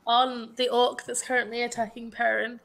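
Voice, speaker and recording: A woman takes part in a tabletop game, asking about her options. Her voice sits high and sounds bright and clear. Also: level tone, normal speed, poor audio. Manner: asks questions about the rules. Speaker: player. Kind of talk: casual tabletop game play.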